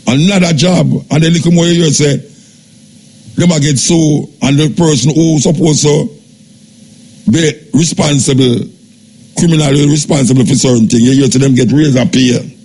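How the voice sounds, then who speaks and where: An older Jamaican man hosting a radio talk show. He gives a measured, skeptical monologue in Jamaican Patois. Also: on the high side, fairly even intonation, a little mellow, slightly rough. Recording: radio broadcast with faint background noise.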